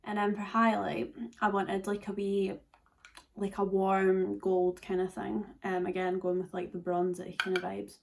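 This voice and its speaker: A woman's voice: mid-range voice, monotone, a little slow, gravelly. A nineteen-year-old Scottish woman chatting casually through a makeup tutorial, full of fillers and dropping into whispers at times. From Scotland. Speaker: beauty vlogger.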